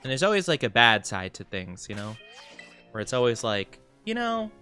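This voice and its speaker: A young man streaming a game as a VTuber, chatting casually and rambling with lots of fillers and quick laughs. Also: mid-range voice, sing-song, pushed and bright, faint music behind. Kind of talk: casual chat while playing a game.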